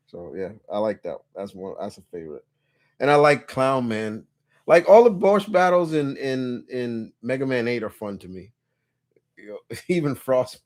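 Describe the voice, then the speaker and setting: A man's voice: mid-range voice, expressive, measured pace, darkish tone. A man hosting a casual live question-and-answer chat, laid-back, laughing often and rambling with restarts. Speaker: host.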